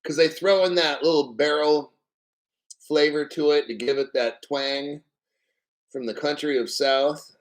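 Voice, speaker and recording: Male livestream host, fairly high-pitched, loose and profane, chatty rambling delivery with frequent throat clearing. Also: fairly even intonation, measured pace, poor audio. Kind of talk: casual livestream chat.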